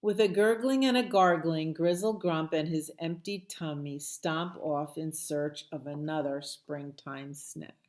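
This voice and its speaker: A woman librarian reading a picture book aloud at a children's storytime, playful and expressive with sound words. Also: sits low, measured pace, hardly any pauses.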